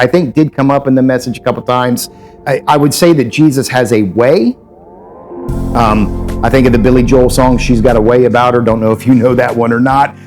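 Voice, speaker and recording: Halting, easygoing Ohio pastor. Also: male voice, medium pitch, darkish tone. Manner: halting, repeats words and restarts; easygoing, conversational. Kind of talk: reflective sermon follow-up.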